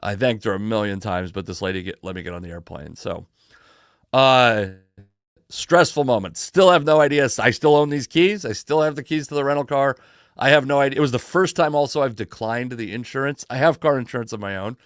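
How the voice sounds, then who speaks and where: A man hosting a sports talk show, telling a long rambling story in a casual, animated way, full of restarts and swearing, worn out from no sleep. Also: mid-range voice, a little fast, dry recording, studio quality. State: exhausted from no sleep.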